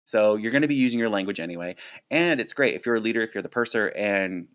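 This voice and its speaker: Casual live-stream host: a chatty, animated man with a lowish voice, close mic. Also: fast. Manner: chatty and animated, lots of fillers and restarts. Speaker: flight attendant streamer. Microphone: close desk mic.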